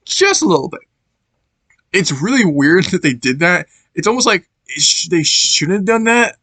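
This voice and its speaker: Man, casual movie review, rambling, fairly high-pitched, dry room. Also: a bit bright, no room sound. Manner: rambling, searching for words, laughing often. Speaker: channel host reviewing a movie.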